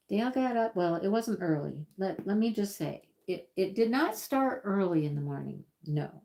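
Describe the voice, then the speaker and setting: A woman hosts a casual livestream from her crafting table at home, talking slowly in a mellow voice. Her pitch sits in a middle range. She rambles from one topic to the next and often repeats herself. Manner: chatty and rambling, with repeated words. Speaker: livestream host. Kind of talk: casual live-stream chat while crafting.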